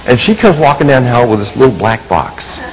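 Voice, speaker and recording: A man telling a personal story in a sermon, animated and poking fun at himself, acting out what people said. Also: mid-range voice, a little fast, in a large hall, crowd noise, low-quality recording. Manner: animated, self-mocking humor, acts out quotes. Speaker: Christian minister and family counselor.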